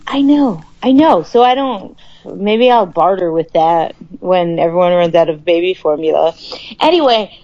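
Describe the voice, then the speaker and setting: A woman's voice: fairly low pitch, lively intonation, moderate pace, muffled recording. A woman co-hosting a podcast, telling a story in casual chat with an exasperated, profane manner. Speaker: podcast co-host.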